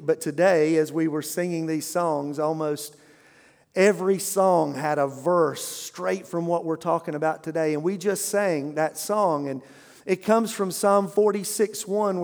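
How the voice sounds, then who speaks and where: A man preaches a sermon in a church, his voice sitting fairly high. He calls on the congregation to repeat words back to him as he teaches. The sound trails off in a long reverb through the sanctuary. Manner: preaching with call-and-response prompts. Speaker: pastor.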